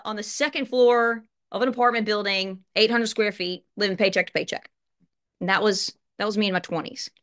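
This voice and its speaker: Woman, late 30s, sincere motivational storyteller with a chatty, direct delivery and an average-pitched voice. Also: fairly bright tone. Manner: earnest storytelling, conversational asides. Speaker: life insurance brokerage partner. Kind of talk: motivational personal talk.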